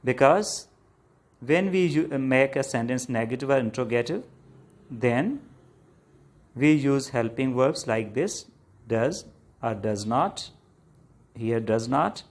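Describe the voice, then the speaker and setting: Slow-talking guy with a south asian english accent explaining grammar, lots of uh's and okay's, mid pitched voice. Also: darkish tone. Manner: slow and patient, with frequent fillers and "okay?" checks. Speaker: English teacher.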